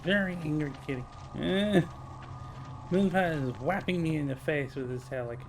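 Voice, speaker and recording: A man's voice: fairly high pitch, big pitch swings, a little slow, vocal fry, pauses often, noisy background. A man giving casual gameplay commentary and teasing his cat in a playful way. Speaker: game streamer.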